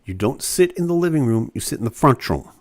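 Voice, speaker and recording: A man's voice: medium pitch, very animated, brisk. A man hosting a live online show, chatting casually with viewers and going off on joking, rambling rants.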